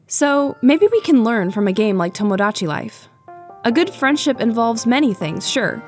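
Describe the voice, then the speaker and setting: Young woman narrating, higher voice. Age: young adult. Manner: earnest and reflective, with playful asides. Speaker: YouTube video essayist. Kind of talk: scripted narration.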